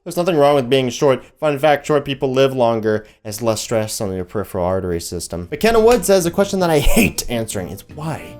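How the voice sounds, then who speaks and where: A young man hosting a comedy video, reading out viewer comments and reacting with sarcastic, animated commentary. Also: mid-range voice, brisk, few pauses. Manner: animated, sarcastic, jumps into mocking voices. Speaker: YouTube host reading comments.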